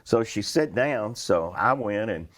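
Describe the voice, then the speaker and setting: A man's voice: on the low side, lively intonation, measured pace, a bit bright. A man in his sixties with a Western Kentucky accent, telling folksy stories as an interview guest and chuckling through them. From Western Kentucky, USA. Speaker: interview guest, retired flight attendant. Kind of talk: anecdotal storytelling.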